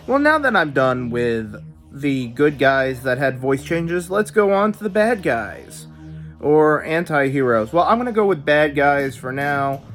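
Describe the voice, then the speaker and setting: A man hosting a video, giving opinionated casual commentary with stammering asides. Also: fairly high pitch. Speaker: video host reviewing dubs.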